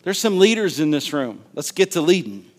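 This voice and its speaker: A man with a fairly high voice preaches in a drawl. He is lively and conversational, and he jumps into character voices to act out the Bible stories he tells. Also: a little fast. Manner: animated, acts out Bible scenes with voices and laughter. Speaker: pastor. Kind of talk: sermon.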